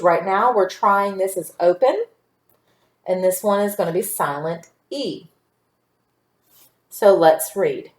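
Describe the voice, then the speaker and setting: Slow, patient woman teaching phonics. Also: on the low side. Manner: slow, patient, stretching out sounds. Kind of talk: phonics lesson to young children. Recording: echoey room.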